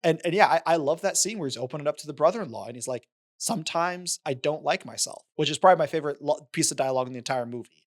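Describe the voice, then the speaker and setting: A man's voice: on the high side, racing. A man co-hosting a podcast, talking casually about a film and acting out lines from its scenes. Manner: animated, retells scenes with quoted lines. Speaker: podcast co-host.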